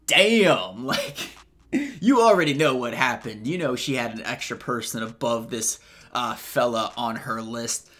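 A man's voice: mid-range voice, unhurried, fairly bright tone. Laid-back young man with slangy banter. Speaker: YouTuber. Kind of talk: casual commentary on read-out text messages.

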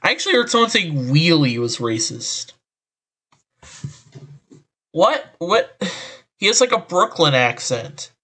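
A man's voice: a little high, sing-song, moderate pace, hardly any pauses, bright, forceful tone. A man reading an article aloud and reacting with exasperated, rambling commentary through a voice changer, sighing often. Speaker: online commentator.

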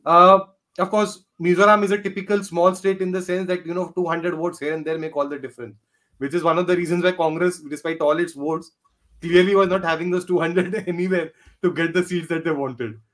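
A man speaks as a podcast panelist. His voice sits a little high, and he thinks aloud with many fillers. Now and then he slips in some dry sarcasm. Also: fairly even intonation, a little fast, a bit bright. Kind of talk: casual political discussion.

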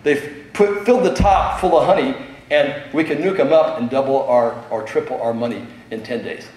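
A man's voice: medium pitch, moderate pace, darkish tone. A middle-aged man giving a talk at a convention, a chatty storyteller who laughs often and fills gaps with um and uh. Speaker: convention speaker. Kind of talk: conference talk with anecdotes. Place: large convention hall. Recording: echoey hall with strong reverb.

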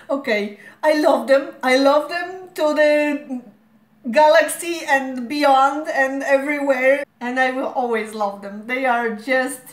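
A woman hosting a reaction video, gushing as an excited fan with a hoarse voice worn out from screaming. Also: high-pitched, slow pace. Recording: echoey room.

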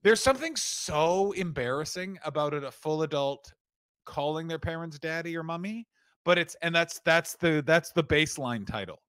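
A man's voice: fairly high pitch, moderate pace, a bit bright, dry recording. A man co-hosting a comedy podcast, rambling and riffing with mock outrage. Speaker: podcast co-host.

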